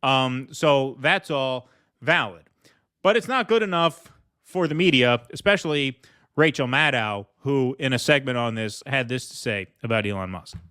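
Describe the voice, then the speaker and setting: A man's voice: mid-range voice, lively intonation, moderate pace, bright, forceful tone, clean tone. A man hosting a political commentary show, talking sarcastically and mockingly as he reacts to news clips.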